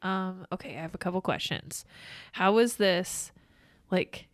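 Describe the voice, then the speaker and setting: A woman's voice: on the low side, measured pace, no room sound. A woman co-hosting a podcast in casual chat, quizzing the others in a playful way. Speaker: podcast co-host.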